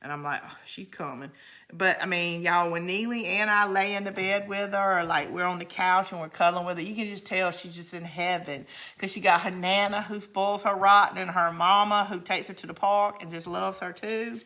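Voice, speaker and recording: Hardly pausing, a middle-aged woman hosting a crafting video talks at a moderate pace in a lowish voice with fairly even intonation. She's chatty and rambling, laughs a lot, and counts quietly under her breath now and then.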